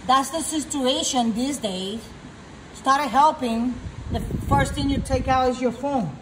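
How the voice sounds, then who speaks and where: A woman's voice: high voice, unhurried. A woman chiming in with teasing, chiding remarks beside the host. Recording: noisy background.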